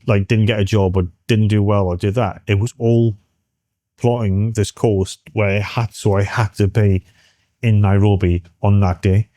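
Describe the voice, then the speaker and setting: A British man in his forties, a military veteran telling a story in an interview, halting and restarting as he acts out what others said. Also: fairly low pitch, warm tone, no echo, clean studio sound.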